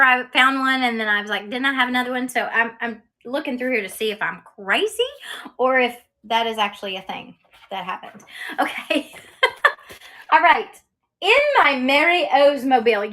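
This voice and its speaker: A woman's voice: on the high side, sharp tone. A woman running a casual live-selling stream as an online auction seller, chatty and cheerful, with lots of ums and laughs.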